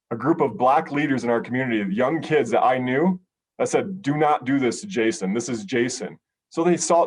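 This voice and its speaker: A man's voice: mid-range voice, husky. Earnest, emotional middle-aged man. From United States. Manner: earnest and emotional, with frequent ums and restarts. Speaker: police sergeant. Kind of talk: personal storytelling in a podcast conversation.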